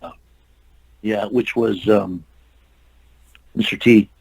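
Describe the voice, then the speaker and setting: Older male stuntman guest, husky and gravelly, spinning loose anecdotes with quoted lines. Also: on the low side, fairly even intonation, slow pace, darkish tone, poor audio. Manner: rambling anecdotes with restarts and quoted dialogue. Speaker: interview guest, stuntman and actor. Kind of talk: casual storytelling.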